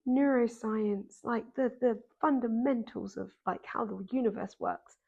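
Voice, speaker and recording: A woman with a fairly high voice tells her own story as a podcast guest. She speaks animated and emphatic, and she acts out the voices she quotes. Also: a little slow, creaky, highs cut off. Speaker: podcast guest, dancer and author. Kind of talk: personal storytelling in conversation.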